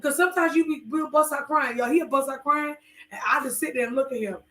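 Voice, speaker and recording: A woman's voice: high-pitched, fast talker, a bit bright, reverberant. A woman co-hosting a podcast, chatting candidly with her husband and rambling with many fillers. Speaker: podcast co-host. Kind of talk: casual chat with her husband.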